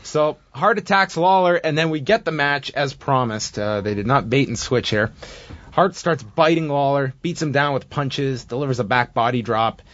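A man in casual podcast chat, recapping events at length and getting animated when he acts moments out. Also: medium pitch, moderate pace. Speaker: podcast co-host recapping wrestling. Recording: dull dry lo-fi audio.

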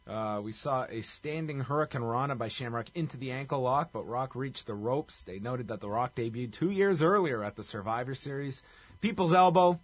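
A man's voice: a little high, fairly bright tone, breathy edge, no echo. A man co-hosting a podcast, wryly recapping a show from his notes in clipped bursts. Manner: wry, running through notes in clipped bursts. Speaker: podcast co-host. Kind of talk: casual recap chat.

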